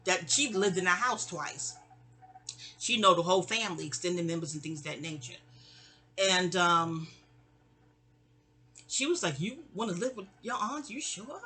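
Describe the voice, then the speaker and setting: A middle-aged woman tells a long, rambling personal story, animated and digressive, acting out the quoted people with sharp jumps in pitch. She speaks unhurriedly and pauses often.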